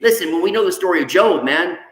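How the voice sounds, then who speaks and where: Brief: man in casual podcast chat, animated storyteller, roomy echo. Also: high voice, fast. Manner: animated storyteller, acts out quoted voices, says "man" a lot. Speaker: guest, reentry specialist.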